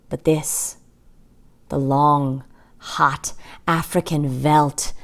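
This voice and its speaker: A woman reading a short story aloud, with expressive delivery and small asides to listeners. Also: low-pitched, a little slow. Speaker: reader.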